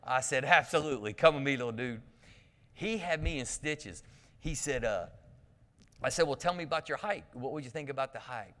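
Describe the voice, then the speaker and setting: A man of medium pitch and moderate pace preaches in a church sanctuary, spinning humorous camp stories and addressing the congregation directly. His words ring out with the long reverb of the church hall.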